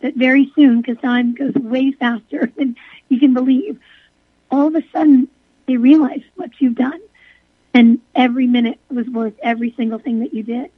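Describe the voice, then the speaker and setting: High-voiced woman host on a phone line. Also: steady tone, moderate pace, husky, dry recording. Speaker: interviewer host. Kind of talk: interview questions and reflections.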